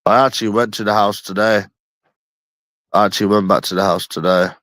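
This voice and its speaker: Casting: young London man, lowish voice, dry close sound, blunt and profane livestream chatter. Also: fairly even intonation, fairly quick, fairly bright tone, no echo. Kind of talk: casual livestream chat.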